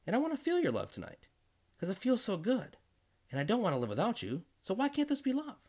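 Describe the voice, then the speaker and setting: A man voicing an exasperated, fickle young woman in a comic story, pitched high. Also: huge pitch swings, fast, a little mellow, heavily acted. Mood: pleading.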